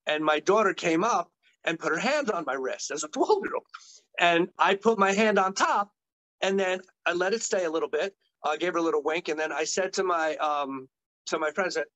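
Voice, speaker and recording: A middle-aged man, an occupational therapist and guest, telling stories in an animated, enthusiastic conversational way. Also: sits high, normal speed, low-quality recording. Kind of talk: conversational interview storytelling.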